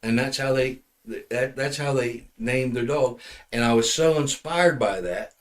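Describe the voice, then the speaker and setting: A man's voice: medium pitch, measured pace. A man hosting a podcast, telling a funny story in casual chat, rambling and restarting often. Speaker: podcast host.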